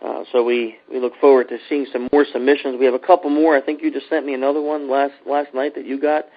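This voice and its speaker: A man's voice: mid-range voice, flat delivery, fast, highs cut off. A man hosting a podcast in casual chat, loose and joking, with many fillers. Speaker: podcast host.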